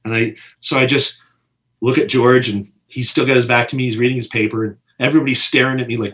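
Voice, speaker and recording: A man's voice: medium pitch, a little fast. A middle-aged man, a film director, telling behind-the-scenes stories in an interview and acting out the people he quotes. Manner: animated storyteller who acts out quotes with big voices. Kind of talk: storytelling in an interview.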